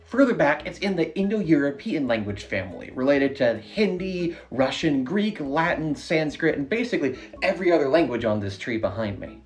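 Lively man explaining language facts. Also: a little high, moderate pace, hardly any pauses, soft background music. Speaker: language educator. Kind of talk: short educational explainer.

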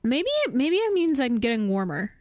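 Woman game streamer, high voice, dry close sound, rambling and self-mocking. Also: big pitch swings, normal speed, darkish tone, dry recording. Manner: chatty, self-deprecating, thinking aloud. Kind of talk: casual gameplay commentary.

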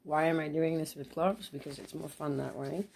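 A woman's voice: low voice, moderate pace, creaky, a little mellow, a little hiss or hum. A sick woman making a casual ASMR video at home, chatting and getting distracted by her pet bird. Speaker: ASMR vlogger.

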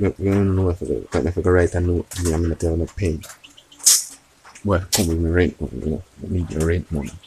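Soft-spoken man, gravelly low voice. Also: slight background noise. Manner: talks quietly, keeping his voice down. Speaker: vlogger. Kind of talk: casual chat to camera. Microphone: phone.

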